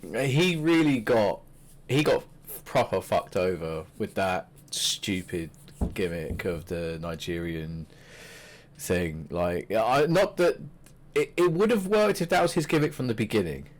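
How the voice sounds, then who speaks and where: A man's voice: on the low side, a little slow. Chatty man talking wrestling. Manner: chatty, animated, swears freely. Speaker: podcast co-host. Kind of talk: casual wrestling chat.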